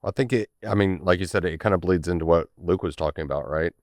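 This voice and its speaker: Low-voiced Southern man, casual podcast guest. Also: fast, a little mellow, no echo, studio quality. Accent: Southern US drawl. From Tennessee. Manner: repeats words often, frequent "right?" tags, laughs easily. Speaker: podcast guest, channel sales manager.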